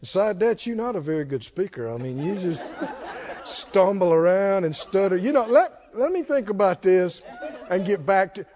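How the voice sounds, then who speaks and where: A preacher doing a dryly sarcastic Lord. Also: male voice, sits high, expressive, moderate pace, darkish tone, a faint crowd, voice pushed down. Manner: dry, mock-agreeable sarcasm. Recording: dull lo-fi recording.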